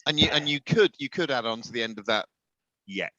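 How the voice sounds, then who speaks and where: A man's voice: mid-range voice, animated, fast talker, bright, forceful tone, dry recording. A man co-hosting a casual podcast chat, with a dry, sardonic manner, chuckling as he reads things out. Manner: dry, sardonic, laughs while reading tweets. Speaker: podcast co-host. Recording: dull, muffled dry sound.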